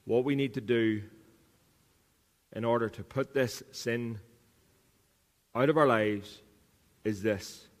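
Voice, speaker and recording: A man's voice: medium pitch, takes it slowly, long pauses, big-room sound. A man preaching a sermon as pastor, earnest, repeating key lines for emphasis. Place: church.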